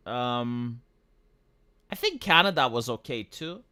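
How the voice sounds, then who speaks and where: A man's voice: mid-range voice, animated, takes it slowly, bright, forceful tone, clear, resonant tone. A man from Romania ranting on a livestream, profane and full of restarts and fillers. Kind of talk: casual opinionated livestream rant.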